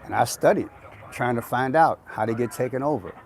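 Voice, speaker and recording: A man's voice: medium pitch, fairly quick, darkish tone, a little hiss or hum. A man hosting an outdoor live stream, talking in an emphatic, repetitive, preachy way. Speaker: channel host. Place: outdoors on an urban street.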